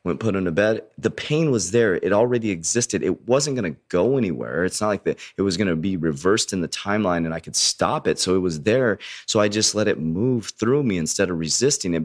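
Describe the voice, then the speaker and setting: Deep-voiced man with a slight lisp. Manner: earnest, profane, addresses listeners as warriors. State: slight lisp from an injured tongue. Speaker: motivational speaker. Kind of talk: candid personal storytelling.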